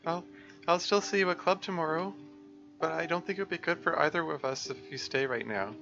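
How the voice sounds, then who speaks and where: A man voicing an anxious, self-loathing teenage schoolgirl in a high, strained, tearful voice. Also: a little fast, gravelly, highs cut off, music in the background.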